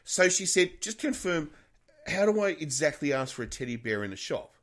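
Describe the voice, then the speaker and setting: Animated rambling middle-aged man. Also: on the high side, normal speed. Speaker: podcast co-host. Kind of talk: casual chat.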